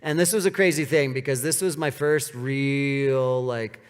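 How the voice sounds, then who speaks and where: A man giving a casual, animated storytelling talk on stage, with many "like" fillers. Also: medium pitch, a little slow, clear, resonant tone. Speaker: speaker giving a live talk. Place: large hall with an audience. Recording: reverberant hall.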